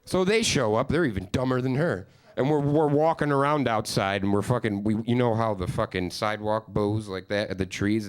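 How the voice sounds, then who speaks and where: A man's voice: fairly low pitch, a little fast, few pauses. A man from Upstate New York performing a stand-up comedy set, telling profane, rambling stories with mock-exasperated asides. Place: comedy stage with live studio audience.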